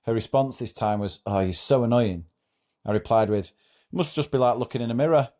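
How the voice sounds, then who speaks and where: A man's voice: medium pitch, fast talker, warm tone. A man hosting a comedy show, reading out a thread of teacher anecdotes in a casual, amused way and often breaking into laughter.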